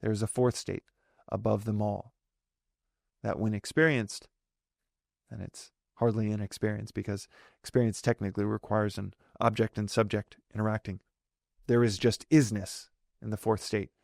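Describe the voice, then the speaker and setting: A man's voice: on the low side, level tone, moderate pace, vocal fry, darkish tone, dry recording, clean studio sound. A man hosting a solo podcast, explaining ideas in a thoughtful way and often correcting himself mid-sentence. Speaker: podcast host. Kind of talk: solo reflective podcast talk.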